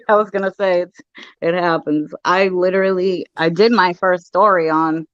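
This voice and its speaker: A woman with a Boston accent talks in a chatty, easy way and laughs often. Her voice sits low for a woman. The sound is dull and very dry. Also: fairly even intonation, moderate pace, no room sound. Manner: chatty, laughs easily, many short backchannels. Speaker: host. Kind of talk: casual interview chat.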